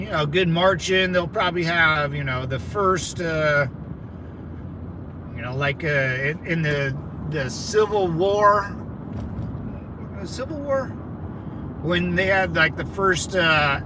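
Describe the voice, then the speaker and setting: A man from California livestreaming from a vehicle, rambling excitably through viewer comments with lots of fillers. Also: on the high side, noisy background. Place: in a moving vehicle in a city.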